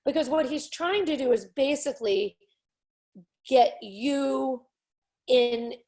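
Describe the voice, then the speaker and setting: A woman's voice: high-pitched, takes it slowly, a little mellow. A woman coaching a parent with confidence, explaining her advice and acting out short examples.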